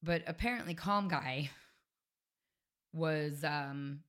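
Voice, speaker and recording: Woman, co-host, low voice, frank, chatty, laughs easily. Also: slow pace, fairly bright tone. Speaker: podcast co-host. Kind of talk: candid casual chat.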